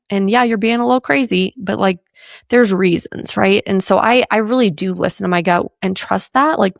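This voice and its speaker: Woman host in her forties, heavy vocal fry, dry close sound, loose rambling chat. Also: mid-range voice, normal speed, dry recording. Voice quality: gravelly. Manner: chatty, rambling, lots of "like" and "right?". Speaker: podcast host. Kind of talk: casual solo podcast chat.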